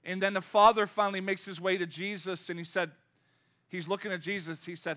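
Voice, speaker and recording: A male pastor preaching to his congregation, with a high voice. His tone is bright and forceful, chatty one moment and loudly impassioned the next, and he keeps asking the room questions. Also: fairly even intonation, fairly quick. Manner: conversational, rising to impassioned cries. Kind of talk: sermon. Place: church.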